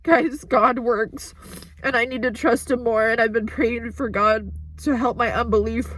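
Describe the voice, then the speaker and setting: A woman vlogger giving an emotional update while crying, talking in halting, broken sentences into a handheld phone. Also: fairly high pitch, fairly even intonation, a bit bright, no room sound. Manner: halting, restarting sentences, overwhelmed. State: tearful, crying. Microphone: phone held in hand.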